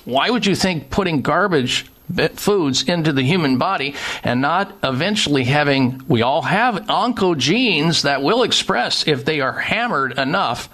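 A man hosting a radio talk show in an emphatic way, pushing his pitch up hard on key words and cutting in to make his own points. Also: expressive, measured pace, few pauses, a bit bright.

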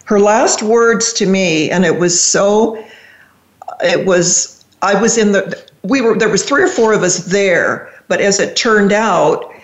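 An older woman speaks as a guest, recalling a family memory in a halting, deeply felt way. Her voice carries a roomy echo. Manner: reflective, halting, deeply emotional. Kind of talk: personal storytelling on a radio show.

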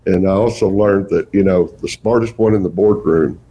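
A man's voice: deep voice, moderate pace, warm tone, a little hiss or hum, low-quality recording. An older man with a Texan accent, a guest telling folksy, rambling stories in a casual interview. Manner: folksy, rambling storyteller with chuckles. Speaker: guest Santa performer.

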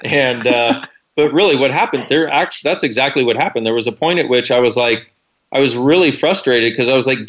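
A man's voice: medium pitch, a little fast, fairly bright tone, muffled recording. A man co-hosting a call-in talk show, telling stories and acting out quoted lines. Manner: storytelling, acts out quotes. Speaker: co-host.

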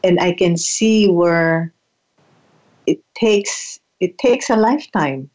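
A low-voiced older woman shares personal reflections in a gentle, halting way, doubling back on her words and laughing softly now and then. The recording is muffled and lacks clarity. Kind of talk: reflective storytelling.

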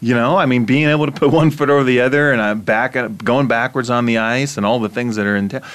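A man's voice: medium pitch, fast, fairly bright tone. Chatty male interview host. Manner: chatty, laughs often, leading questions. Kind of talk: casual interview.

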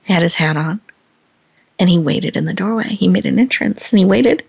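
A woman hosting a podcast, telling a personal story in a chatty way, laughing often and slowing down for emphasis. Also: mid-range voice, vocal fry, a little mellow, slightly rough, lo-fi sound. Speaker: podcast host.

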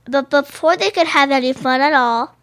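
High-voiced woman reading picture books aloud. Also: moderate pace, a bit bright, no echo. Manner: stumbling and rereading phrases, adding casual commentary. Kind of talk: reading children's books aloud with chatty asides.

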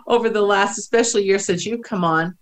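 A middle-aged woman co-hosts a casual spiritual podcast, speaking at a moderate pace in a medium-pitched voice, with slight noise in the background. She gets emotional and teary, laughs a lot, and keeps restarting her sentences.

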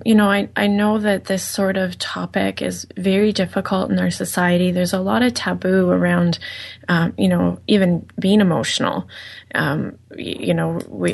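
Gravelly woman asking halting questions. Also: on the low side. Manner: halting questions with many "um, you know". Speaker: interviewer. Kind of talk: conversational interview.

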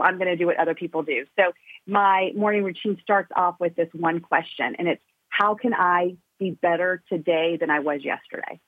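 Woman, earnest motivational storyteller, husky, dry phone-line sound. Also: on the low side, dry recording. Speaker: guest, parenting and youth coach. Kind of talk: personal storytelling in conversation. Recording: tinny phone-line audio.

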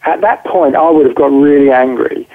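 A man's voice: on the high side, normal speed. A man interviewed as a guest over the phone, talking directly and emphatically and often repeating words as he thinks. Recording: tinny phone line.

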